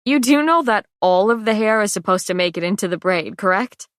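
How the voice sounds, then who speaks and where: A woman's voice: medium pitch, expressive, brisk, dry recording, studio quality, close to an everyday voice. A woman reading as a defiant young heroine. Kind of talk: audiobook character reading.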